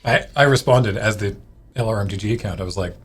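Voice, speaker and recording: A man's voice: lowish voice, quick pace, slight background noise. A man co-hosting a card game stream in casual, jokey chat. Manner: jokey, eating while talking. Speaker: co-host.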